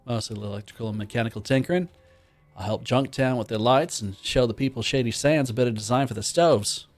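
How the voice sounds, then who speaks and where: A man's voice: medium pitch, brisk, soft background music, natural voice. A man voicing a matter-of-fact wandering male trader and tinkerer, reading the game's dialogue aloud in a loose put-on Australian accent.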